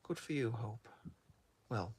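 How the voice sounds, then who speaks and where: A man's voice: medium pitch, expressive, takes it slowly, a little mellow, slightly rough. A middle-aged Yorkshireman, plain-spoken and blunt, chatting casually on a livestream and reading out viewer comments. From North of England. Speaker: livestreaming artist.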